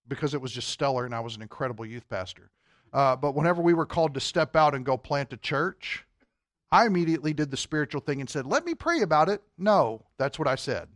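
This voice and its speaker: Lively man teaching Sunday school. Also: on the high side, no room sound, clean studio sound. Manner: animated, rising loud when reading scripture, joking asides. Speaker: pastor.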